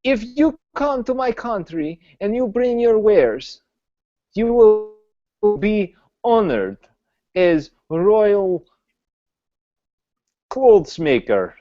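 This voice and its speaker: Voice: medium pitch, sing-song, extremely slow, long pauses, highs cut off, voice pushed up. A player voicing a proud, condescending foreign male noble who speaks in broken English and drops his articles. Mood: grandly approving.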